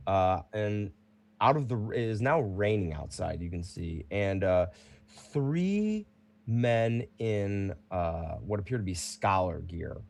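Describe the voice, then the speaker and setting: A man narrating as game master of a tabletop role-playing game, in a relaxed way. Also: low-pitched, gravelly.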